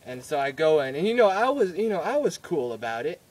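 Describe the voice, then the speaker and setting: A man's voice: a little high, big pitch swings, brisk, darkish tone, husky. Rambling, giggly young man vlogging. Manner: rambling, giggly, with many fillers and restarts. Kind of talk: casual storytelling vlog.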